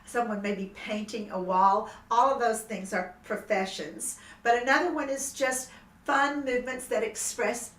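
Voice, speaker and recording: A woman instructor calmly explaining seated movement exercises to a class. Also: fairly high pitch, a little slow. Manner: gentle, explanatory, then animated emoting. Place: room with music playing. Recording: echoey room, mic at a distance, music behind.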